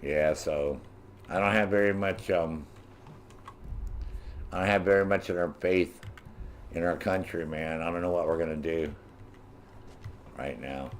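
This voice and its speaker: A man's voice: low-pitched, steady tone, a little slow, long pauses, a little hiss or hum. A man streaming a video game and ranting in heavy profanity while he plays, laughing often. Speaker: gaming streamer. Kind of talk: casual gameplay commentary.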